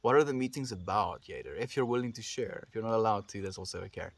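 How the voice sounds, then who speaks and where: Soft-spoken South African man streaming. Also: lowish voice, fast talker. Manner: gentle, affectionate, reads out and answers chat messages. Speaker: livestreamer. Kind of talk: casual live-stream chat with viewers.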